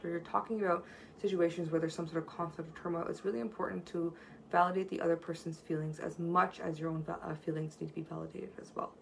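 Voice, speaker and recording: A woman's voice: fairly low pitch, gravelly, slight background noise, rough recording. A woman giving a conversational seminar on communication, telling stories earnestly from home and often checking in with "right?". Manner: earnest, storytelling, frequent "right?" tag questions. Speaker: workshop presenter on communication. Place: at home near a street.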